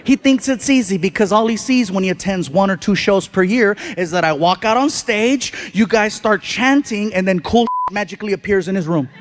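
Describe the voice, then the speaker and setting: Guy doing stand-up on stage, high voice, tells stories big and animated, does little voices for people. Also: normal speed, few pauses. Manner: animated storytelling, acting out the people he quotes. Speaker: stand-up comedian. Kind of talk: stand-up storytelling. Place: comedy stage before a live audience.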